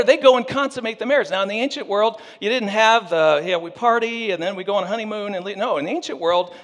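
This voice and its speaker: Jokey, animated preacher man. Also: high voice, big-room sound. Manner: jokey, animated storytelling with audience asides. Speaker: pastor. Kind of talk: humorous sermon.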